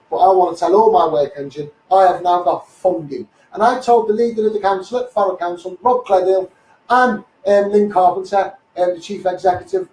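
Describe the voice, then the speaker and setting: A man with a Liverpool accent, hoarse, ranting combatively on a live stream and calling viewers mate. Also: sits high, a little mellow. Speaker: activist livestreamer. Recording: echoey, mic held at a distance.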